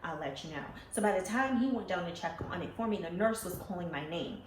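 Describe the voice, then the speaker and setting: A woman telling her own life story to her viewers, emotional and animated, acting out the voices she quotes. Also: fairly low pitch, fast talker. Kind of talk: personal storytelling to camera. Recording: echoey room with faint ambient noise.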